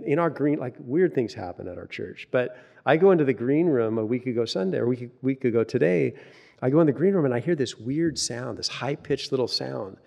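A man preaching a sermon in a conversational, animated way, often restarting his sentences as he tells a personal story. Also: mid-range voice, vocal fry. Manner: conversational and animated, many restarts and filler words. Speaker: pastor.

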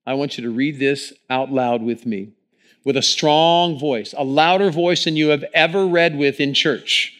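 A man preaching a sermon in church, talking into a microphone and swinging between hushed lines and loud ones. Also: on the high side, a little slow. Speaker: pastor.

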